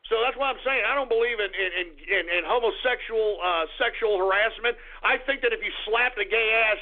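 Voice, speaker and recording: A man's voice: sits high, brisk. A man hosting talk radio, delivering an angry, crude, insulting rant. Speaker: radio host. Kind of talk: ranting talk radio monologue. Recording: tinny phone-like radio sound.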